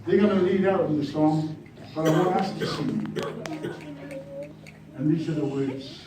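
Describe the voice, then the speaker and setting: A man's voice: fairly high pitch, a little slow, background noise. A man preaching a revival sermon in a church hall, telling stories emphatically, his voice rising and falling. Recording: echoey hall from far off with music.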